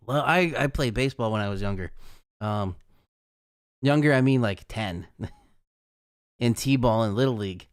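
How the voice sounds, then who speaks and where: Chatty young male weather streamer, smooth clear voice, dry close sound, mid pitch. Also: dry recording. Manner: chatty, laughs at own asides. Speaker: weather livestream host. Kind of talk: casual live weather chat.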